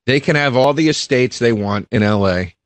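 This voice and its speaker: A man's voice: medium pitch, lively intonation, moderate pace, dry recording. A man co-hosting a comedy talk show, ranting emphatically with plenty of swearing. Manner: emphatic, profane rant. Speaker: podcast co-host. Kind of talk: casual chat.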